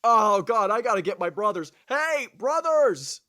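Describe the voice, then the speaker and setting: A man's voice: fairly high pitch, wildly swooping pitch, moderate pace, no room sound, studio quality. A man voicing a laid-back male cyclops giant who talks like a casual, swearing bro, in a comedic podcast retelling. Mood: panicked.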